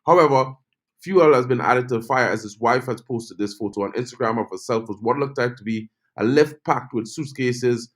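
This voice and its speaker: Man, football channel host, casual live-stream chat, mid-pitched voice, keeps saying "you know". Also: normal speed. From Trinidad and Tobago. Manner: chatty, peppered with "you know", reads viewer comments aloud.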